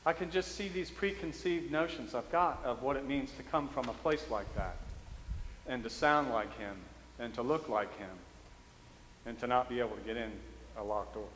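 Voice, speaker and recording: A man's voice: mid-range voice, normal speed, fairly bright tone, a little hiss or hum. A male priest giving a sermon, telling a funny story about himself and chuckling often. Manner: humorous storytelling, self-mocking, chuckles often. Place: church sanctuary. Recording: roomy echoey church hall.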